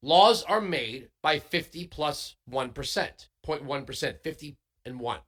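A talk radio host holds forth in an emphatic, sarcastic monologue, peppering it with rhetorical questions. His voice sits high for a man and swings widely in pitch, with a bright, forceful tone. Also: lively intonation, a little slow.

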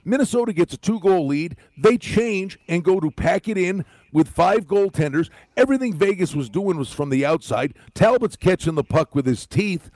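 A man's voice: high-pitched, moderate pace, few pauses, dry recording. A man co-hosting a sports radio show, giving firm opinions on hockey in casual talk. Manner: opinionated, animated when making a point.

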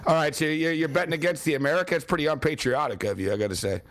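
A man hosting a late-night sports radio show, ranting and joking in an excitable, wisecracking way. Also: fairly high pitch, very fast, no echo.

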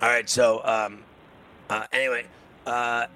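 A man's voice: medium pitch, flat delivery, a little slow, a crowd in the background, poor audio. A man hosting a sports radio show, telling a long story in a rambling way with lots of stammered restarts. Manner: rambling, stammering restarts, loud when acting out his own yelling.

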